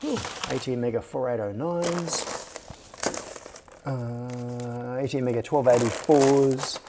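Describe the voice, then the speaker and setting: A man with a medium-pitched voice hosts a live stream, taking things slowly as he chats casually and mutters to himself. He's searching a workshop clean room, with anti-static bags rustling and clicks in the background.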